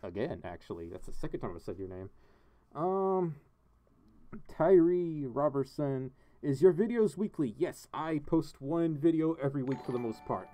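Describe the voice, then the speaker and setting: Lively, giggly man chatting on a livestream. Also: a little high, moderate pace. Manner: chatty, giggly, reading donations and chat aloud. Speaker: livestream host. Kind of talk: casual livestream chat. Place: home studio.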